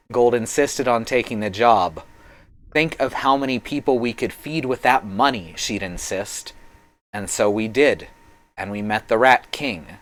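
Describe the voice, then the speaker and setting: A man voicing a grieving, guilt-ridden masked fighter in a live-streamed tabletop game, telling the story slowly and haltingly. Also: medium pitch, close to an everyday voice, poor audio. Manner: slow, halting, tearful storytelling.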